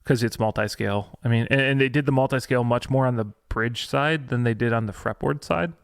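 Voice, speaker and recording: In a studio-quality recording with no room sound, this male podcast co-host talks casually about gear news, full of fillers and restarts that make him sound hesitant. His mid-range voice is brisk, gravelly, clear and resonant.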